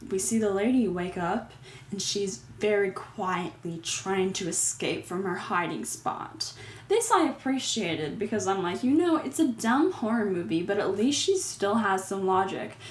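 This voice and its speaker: A woman's voice: mid-range voice, animated, measured pace, roomy sound, slight background noise. Exasperated woman recapping a horror movie. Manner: exasperated, sarcastic commentary.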